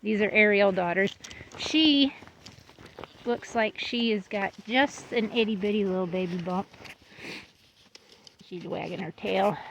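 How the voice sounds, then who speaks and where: A woman's voice: medium pitch, measured pace, long pauses, a little hiss or hum. Chatty woman touring her goat pen. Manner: chatty, fond, talks to her goats. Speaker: goat breeder. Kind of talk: casual vlog tour. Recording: slightly dull lo-fi sound.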